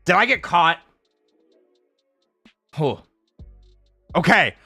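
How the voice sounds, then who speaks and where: A man streaming casually, chatting with viewers in an animated, jokey way and laughing often. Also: high-pitched, extremely slow, creaky, slightly rough, dry recording, studio quality. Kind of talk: casual live-stream chat answering viewers. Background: faint background music.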